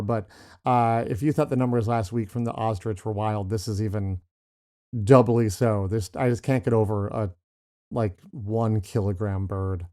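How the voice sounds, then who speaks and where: A man co-hosting a podcast with a warm, mellow tone at a middle pitch. He talks informally, joking and wandering through his points with plenty of fillers. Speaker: podcast co-host. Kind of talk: casual chat.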